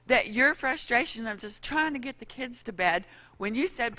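A woman's voice: medium pitch, normal speed, hardly any pauses, pushed and bright. A middle-aged woman preaching a sermon, telling folksy stories and acting out what people said. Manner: folksy storytelling, acts out quotes.

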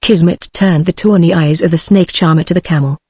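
An audiobook story is read by a text-to-speech woman's voice with a British accent, steady and measured in delivery. Her lowish voice has a husky quality, and the clean studio sound carries no echo.

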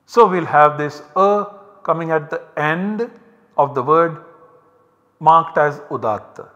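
A man's voice: on the high side, expressive, a bit bright, muffled recording. Indian man lecturing with a reverberant sound. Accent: Indian English. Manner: measured, explanatory, points to examples on a slide. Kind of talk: university lecture. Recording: lecture recorded with long reverb.

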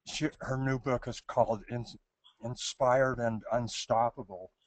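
A man's voice: mid-range voice, fairly even intonation, measured pace, dry recording. A man presenting on creativity, answering audience questions in a hesitant, thoughtful way with many restarts. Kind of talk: thoughtful Q&A talk.

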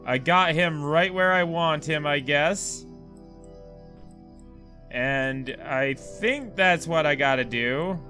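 A man's voice: mid-range voice, bright, forceful tone. A young man commenting as he plays a puzzle game, rambling and self-mocking as he thinks aloud. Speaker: gaming video host. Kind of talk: let's-play commentary.

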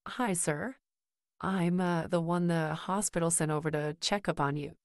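A woman voicing a polite, nervous young man who volunteers at a hospital. He speaks quietly and hesitantly. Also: fairly low pitch, steady tone, normal speed, no room sound, clean studio sound, lightly acted.

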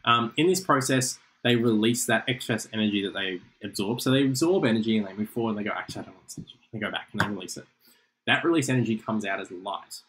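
A man's voice: lowish voice, quick pace, fairly bright tone, slight background noise, low-quality recording. A young man giving a casual, chatty chemistry revision lecture, explaining with asides.

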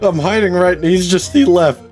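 Excitable young man narrating gameplay. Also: on the high side, measured pace, soft background music. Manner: excitable, swearing, bursts of laughter. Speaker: gaming YouTuber. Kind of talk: casual gameplay commentary.

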